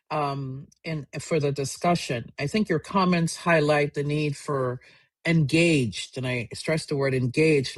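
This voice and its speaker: A man's voice: a little high, no echo. A man moderating a seminar over a video call, speaking off the cuff with many restarts and fillers as he thinks aloud. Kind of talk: unscripted moderating.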